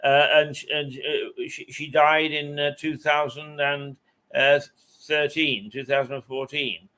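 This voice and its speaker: An older man reminiscing as an interview guest, halting often and chuckling between his memories. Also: fairly high pitch, little pitch movement, bright, forceful tone. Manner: halting, with frequent hesitations and chuckles. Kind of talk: reminiscing anecdote in conversation.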